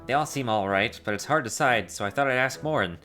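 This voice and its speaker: An earnest young villager chatting about choosing a weapon, read by a male streamer in his own voice. The pitch sits in the middle range. Faint music plays in the background. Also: fast talker, pushed and bright, lightly acted.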